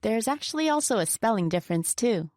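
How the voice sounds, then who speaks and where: A woman co-presenting a scripted pronunciation lesson, slowing down to stress example words with care. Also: a little high, expressive, darkish tone, no echo, studio quality. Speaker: pronunciation teacher.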